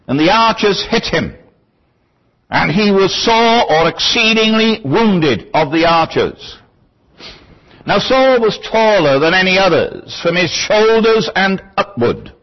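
Lively, husky-voiced man teaching scripture. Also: sits high. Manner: thoughtful, digressive, lecturing with asides. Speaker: Bible teacher. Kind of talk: verse-by-verse Bible teaching. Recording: dull lo-fi recording.

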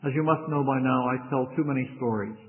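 A man's voice: medium pitch, fast, faint music behind. A man preaching a sermon in a conversational, storytelling manner. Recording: tinny phone-like sound in a reverberant hall.

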